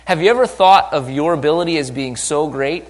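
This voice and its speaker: A man preaching a sermon, acting out voices and swinging from loud to very soft. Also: a little high, brisk. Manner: animated, acts out disciples' voices with wide swings in loudness. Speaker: pastor.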